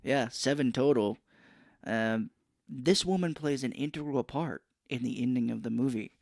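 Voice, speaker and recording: A man co-hosting a podcast, talking through a film scene by scene in a loose, joking way. His asides are sarcastic, and he slips into short character impressions. His voice sits at an ordinary middle pitch, and the recording is close and dry. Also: moderate pace, vocal fry, a little mellow, no echo. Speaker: podcast co-host. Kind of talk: casual chat.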